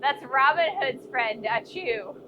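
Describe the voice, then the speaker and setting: A blacksmith streamer with an American Midwestern accent chats casually with her live-stream viewers from her forge workshop, laughing often and poking fun at herself. Her voice is high-pitched, she takes it slowly, and there's background noise.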